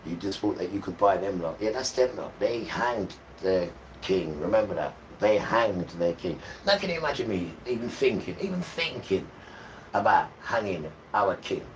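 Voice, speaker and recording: Man host, rambling scripture talk, low voice, sits back from the mic with steady noise behind, jumps from mutters to shouts. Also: normal speed, distant mic, rough recording. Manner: rambling, swings from mutters to loud outbursts. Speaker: livestream host. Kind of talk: informal scripture talk on a livestream.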